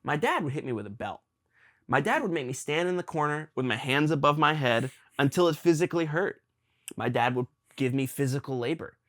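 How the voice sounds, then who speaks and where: A young man hosting a podcast, talking earnestly and confessionally with his father, halting with ums and restarts. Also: a little high, animated, fairly bright tone. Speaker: podcast host. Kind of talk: emotional conversation with his father.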